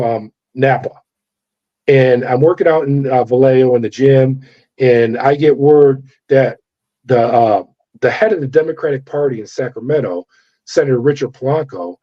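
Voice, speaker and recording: A middle-aged man, a former corrections officer, telling his story in an interview with animated, profane delivery and acted-out dialogue. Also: medium pitch, moderate pace. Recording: dull lo-fi audio.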